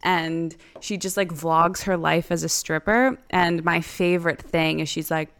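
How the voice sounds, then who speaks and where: A woman's voice: lowish voice, fairly even intonation, unhurried, fairly bright tone. A young woman co-hosting a podcast, chatting casually with lots of filler words. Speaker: podcast co-host. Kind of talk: casual chat.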